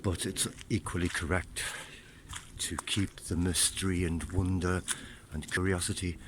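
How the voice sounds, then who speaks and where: A man giving a musing, reflective monologue outdoors on a morning walk, pausing often with ums. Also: low voice, level tone. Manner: musing, unhurried, with pauses and ums. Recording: noisy outdoor recording.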